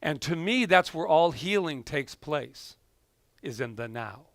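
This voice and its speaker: Conversational male minister, higher voice. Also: expressive, unhurried, no echo, clean studio sound. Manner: conversational storytelling, self-correcting. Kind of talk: sermon. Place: church sanctuary.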